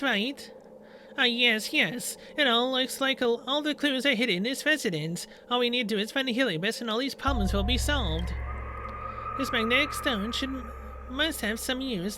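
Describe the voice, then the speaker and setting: A man's voice: very high voice, moderate pace, background noise. A man playing through a story game, reading its dialogue aloud and adding sarcastic asides. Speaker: gaming video creator.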